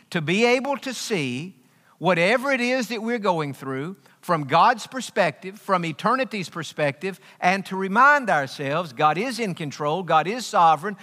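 Bright-voiced preacher in a reverberant hall. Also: male voice, a little high. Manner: emphatic, repetitive preaching with folksy humor. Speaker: pastor. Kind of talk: sermon. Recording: long reverb of a large hall.

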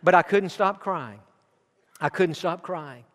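Man, middle-aged, pastor, earnest sermon, high-pitched, reverberant sanctuary. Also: slow, a bit bright. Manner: earnest, personal storytelling. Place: church sanctuary.

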